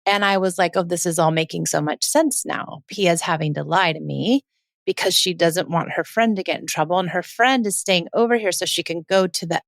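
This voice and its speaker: A woman in her forties hosting a parenting podcast, telling a family story in a chatty, animated way and acting out the quoted lines. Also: fairly low pitch, normal speed, vocal fry, no echo, clean studio sound. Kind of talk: casual storytelling monologue.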